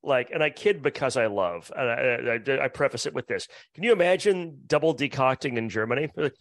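A man's voice: fairly high pitch, brisk, hardly any pauses, fairly bright tone, no room sound. A man co-hosting a casual beer-tasting podcast, wry and facetious, often restarting his sentences. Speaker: podcast co-host.

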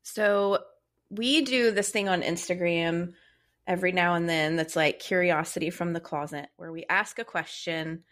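A woman's voice: on the low side, steady tone, moderate pace, fairly bright tone. A young woman co-hosting a podcast, chatting casually, laughing often and telling stories. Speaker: podcast co-host. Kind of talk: casual chat.

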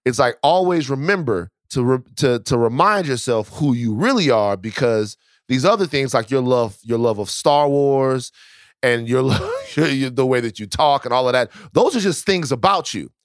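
A man's voice: mid-range voice, animated, normal speed, no echo, studio quality. A man from Baton Rouge co-hosting a podcast, telling stories in a loose, profane, casual way with lots of restarts. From Baton Rouge, Louisiana. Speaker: podcast co-host.

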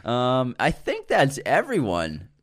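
A man's voice: mid-range voice, huge pitch swings, slow. Brief: nasal young male podcast co-host, casual banter, laughs through jokes. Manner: reads fan jokes aloud, laughing often.

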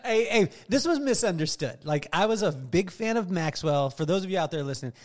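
A middle-aged man hosts a podcast, chatting casually and telling jokey stories while laughing often. His voice is high, expressive and brisk.

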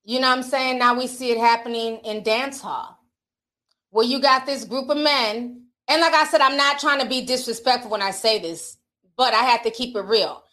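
A woman's voice: on the high side, moderate pace, bright, forceful tone. A woman giving candid, chatty commentary to camera, talking straight to her viewers and reading out comments. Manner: reads out social media comments. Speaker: entertainment commentator. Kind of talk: casual talk-to-camera commentary.

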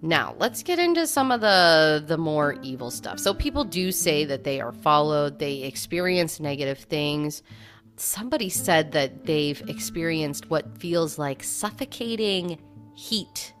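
A woman's voice: deep voice, lively intonation, a little slow, soft background music. A woman co-hosting a podcast, casually recounting haunting stories with lots of "like" fillers. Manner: conversational storytelling, many "like" fillers. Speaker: podcast co-host. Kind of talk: casual chat about hauntings.

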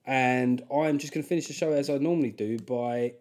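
A man with a South London accent hosts his own podcast in a casual monologue. His mid-range, somewhat dark voice moves fairly quickly as he rambles along, jokey and self-deprecating.

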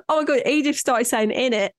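A woman's voice: high voice, very animated, moderate pace, no echo, studio quality. A woman in her late thirties with a London accent, co-hosting a casual chat, frank and laughing often. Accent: London English. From London, England. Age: late 30s. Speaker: podcast co-host.

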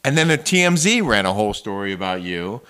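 A man's voice: on the low side, sing-song, fast, bright, forceful tone, clear, resonant tone. A man co-hosting a casual daily chat show, talking easily and reading sponsor plugs. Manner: chatty, reads sponsor ads, laughs often. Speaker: co-host.

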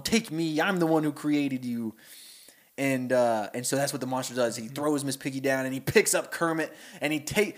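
A young man, a podcast co-host, pitching a story in casual chat and breaking into silly voices for the characters.

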